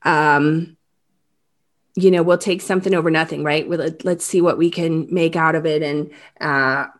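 A woman hosting an interview, talking haltingly with many restarts, close to tears. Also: sits low, fairly even intonation. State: emotional, near tears. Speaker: host. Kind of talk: emotional interview about a crime case.

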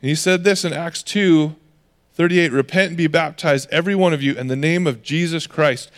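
A man's voice: a little high, normal speed, a bit bright. A man preaching a sermon in a conversational way, acting out the voices of people in the stories he tells. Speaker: pastor.

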